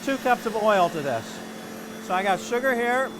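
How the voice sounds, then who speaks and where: A middle-aged man talks his way through a home cooking demonstration as a relaxed chef, rambling off on side stories and poking fun at himself. His voice sits a little on the high side for a man. A faint hum runs underneath. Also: moderate pace. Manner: chatty, rambling, jokes at himself.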